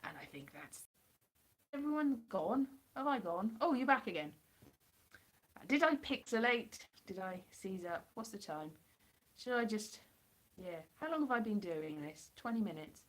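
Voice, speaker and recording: A hoarse woman from the United Kingdom rambling and joking as she chats with viewers on a live stream through a computer mic. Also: mid-range voice, big pitch swings, unhurried. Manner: rambling and jokey, chatting to viewers. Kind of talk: casual live-stream chat answering viewers.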